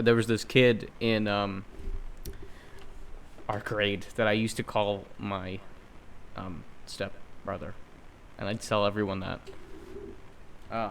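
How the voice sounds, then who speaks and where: A young man co-hosting a podcast, telling a story in casual chat, animated and swearing, acting out quotes loudly. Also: on the low side, measured pace, a little hiss or hum. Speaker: podcast co-host.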